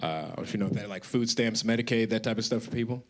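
A man's voice: on the low side, fast talker, slight background noise. A man from Colorado doing a loose, conversational stand-up set on a stage mic in a comedy club. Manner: loose, conversational, swinging into loud character voices. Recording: live comedy club with audience laughter.

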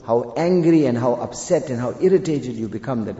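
A man preaching a sermon, telling a story and reciting Arabic verse, rising to loud emphatic peaks. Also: mid-range voice, lively intonation, a little fast, hardly any pauses. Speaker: Islamic preacher. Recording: echoey hall, dull lo-fi sound.

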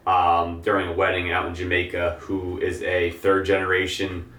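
A young man, a hemp grower, chatting casually as a guest in an interview, relaxed and rambling with lots of fillers. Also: low voice, normal speed, slight background noise. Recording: echoey room, distant mic.

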